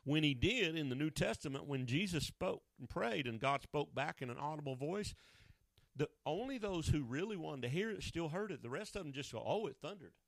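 Gravelly-voiced male preacher, dry sound. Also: a little high, animated, brisk, no room sound. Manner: dynamic preaching with swings from loud emphasis to hushed asides. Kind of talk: sermon.

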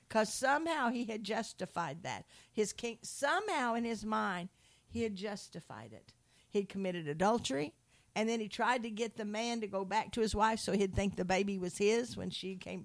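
A woman teaches from scripture in a relaxed conversation. She tells Bible stories with lively energy and acts out the characters' lines. Her voice sits at an ordinary middle pitch. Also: moderate pace, gravelly. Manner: animated storytelling, acts out quotes. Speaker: Christian speaker.

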